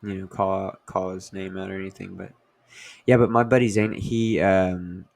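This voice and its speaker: A man's voice: low-pitched, level tone, moderate pace, creaky, darkish tone. A young man as host, talking in a meandering casual monologue full of fillers and self-corrections. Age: young adult. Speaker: comedian host.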